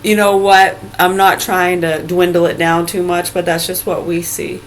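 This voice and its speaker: A woman's voice: on the low side, little pitch movement, normal speed, a little hiss or hum, poor audio. A woman in her forties delivering a rambling, heated rant full of swearing. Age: 40s. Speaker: vlogger. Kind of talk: profane angry rant.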